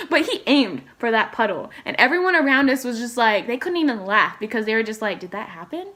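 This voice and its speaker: Brief: young woman vlogger, fairly high voice, chatty and rambling, swings her pitch up and down as she tells a story. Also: brisk. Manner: animated, rambling, lots of "like" fillers and sudden pitch jumps. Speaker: K-pop fan vlogger. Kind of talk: casual storytelling vlog.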